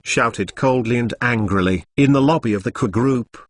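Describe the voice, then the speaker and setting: A man's voice: mid-range voice, moderate pace, dry recording, studio quality. A man narrating a novel in a mechanical way, reading punctuation marks aloud. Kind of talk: scripted narration.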